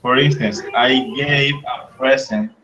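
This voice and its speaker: A man teaching English over a video call, speaking slowly and clearly, with a bright, forward tone. He repeats each word patiently so students can copy it. A faint hiss of noise sits under the call. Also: mid-range voice, fairly even intonation, highs cut off. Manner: slow, repeats words to model pronunciation. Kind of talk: online class instruction. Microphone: computer mic on a video call.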